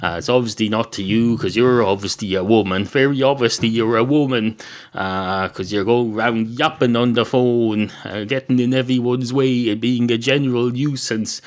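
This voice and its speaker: A man's voice: medium pitch, steady tone, normal speed, lightly acted. A man voicing a cheeky, grumpy pub barman who talks bluntly and sardonically. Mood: blunt, defensive.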